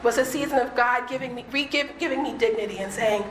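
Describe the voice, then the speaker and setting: A woman giving a reflective faith talk, earnest and conversational, slowing down to stress key points. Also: a little high, very noisy. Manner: earnest, conversational, slows for emphasis. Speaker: speaker. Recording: echoey room with faint ambience.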